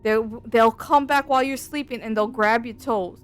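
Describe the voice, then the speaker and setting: Woman VTuber, slightly high and very clean voice, slangy and animated as she chats through a game. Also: moderate pace, clear, resonant tone, faint music behind. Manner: chatty, animated storytelling with slang. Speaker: VTuber streamer. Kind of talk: casual game commentary. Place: dark room at home.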